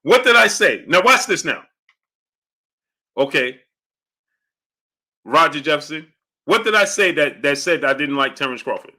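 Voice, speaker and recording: A man's voice: a little high, sing-song, measured pace, long pauses, bright, forceful tone. A man hosting a boxing live stream, greeting viewers by name and laughing hard as he reads their comments. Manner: laughs hard between phrases. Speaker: boxing channel host.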